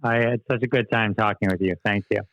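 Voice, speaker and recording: A man's voice: on the low side, fairly even intonation, fast, fairly bright tone, dry recording, muffled recording. A man being interviewed as a podcast guest, joking playfully about his own show. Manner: joking, playful self-promotion. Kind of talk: casual interview chat.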